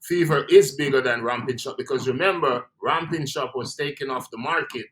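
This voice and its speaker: A man's voice: medium pitch, a little fast, a bit bright. A man with a Jamaican accent, a guest in a casual interview, talking in a laid-back way and trailing off between phrases.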